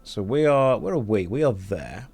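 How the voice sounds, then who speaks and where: A man's voice: lowish voice, expressive, moderate pace, a little mellow, husky, faint music behind. A British man chatting casually and joking while streaming a game. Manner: joking, rambling. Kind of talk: casual gameplay chat.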